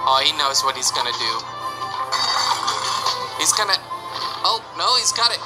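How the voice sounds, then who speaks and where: A woman hosting a reaction video, narrating animated shorts with emotional exclamations. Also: low-pitched, normal speed, pauses often, loud music behind the voice, rough recording.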